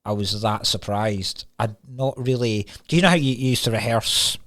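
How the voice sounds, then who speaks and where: A Scottish man co-hosting a podcast, telling stories in a casual, rambling way with halting restarts. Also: lowish voice, a bit bright. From Scotland. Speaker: podcast co-host. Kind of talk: casual chat.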